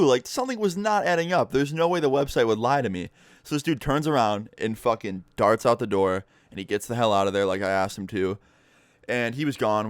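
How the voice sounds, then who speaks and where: A young man in his late teens telling a vlog storytime, animated, swearing freely and acting out both sides of the exchange. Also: on the low side, smooth, no room sound, clean studio sound. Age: young adult. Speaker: vlogger.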